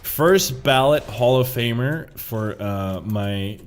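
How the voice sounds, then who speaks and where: A man's voice: mid-range voice, animated, takes it slowly. A man streaming a game, rambling casually with jokes, swearing and frequent laughter. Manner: rambling, profane, joking, laughs often. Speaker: gaming streamer. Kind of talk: casual chat while gaming.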